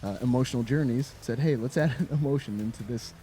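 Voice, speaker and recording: A man's voice: mid-range voice, fast, mellow, slight background noise. A man co-hosting a video game review, talking in a loose, rambling way with laughs and casual swearing. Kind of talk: casual chat.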